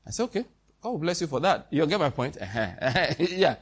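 A man's voice: on the high side, very animated, fairly quick, slightly rough. A man preaching a sermon in a conversational way, with quoted dialogue and questions to the congregation.

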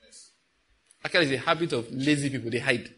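A man's voice: mid-range voice, quick pace, bright, forceful tone. A middle-aged man preaching a sermon, talking to his congregation with frequent rhetorical questions. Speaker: pastor.

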